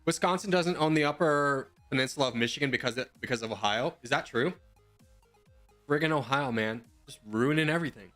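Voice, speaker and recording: A man's voice: medium pitch, fairly quick, fairly bright tone, soft background music. A young man streaming from home, rambling and joking as he answers viewers' questions in casual chat.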